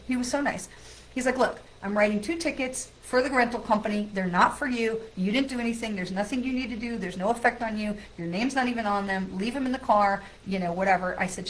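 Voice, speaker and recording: A middle-aged woman, a psychic medium, casually telling a personal story to her viewers in a chatty, animated way. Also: mid-range voice, slight background noise, poor audio.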